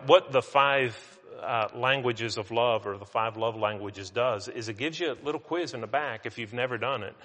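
A man's voice: medium pitch, pushed and bright. A middle-aged male pastor giving a sermon in a conversational, storytelling way with self-mocking humor. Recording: reverberant hall.

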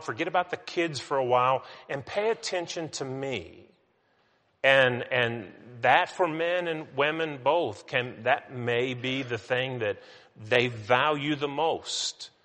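A man's voice: medium pitch, a bit bright. Middle-aged guy preaching, telling stories on himself, long echo of a big hall. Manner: conversational storytelling with self-mocking humor. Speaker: pastor. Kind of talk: sermon. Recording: reverberant hall.

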